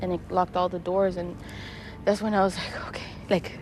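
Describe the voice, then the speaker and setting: A woman giving an emotional interview, speaking haltingly and repeating her words. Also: lowish voice, little pitch movement, background noise. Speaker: interviewee recounting her past.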